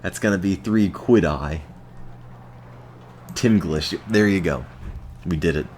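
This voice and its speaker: An American man streaming a game, chatting to his viewers in a deadpan, self-mocking way. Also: low-pitched, slow pace, slight background noise. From United States. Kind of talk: casual gameplay commentary to chat.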